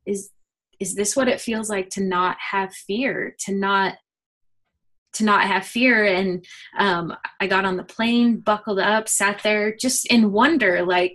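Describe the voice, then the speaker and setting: A middle-aged woman, a guest, telling a personal faith story in an earnest, animated way with many fillers. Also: medium pitch, takes it slowly. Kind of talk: personal testimony in a conversation.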